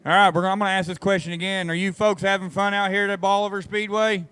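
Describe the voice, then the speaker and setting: A man calling a dirt track race live, excitable and joking with the crowd. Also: high voice, fast talker, clear, resonant tone, no echo. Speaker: race announcer. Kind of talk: live race commentary over a PA.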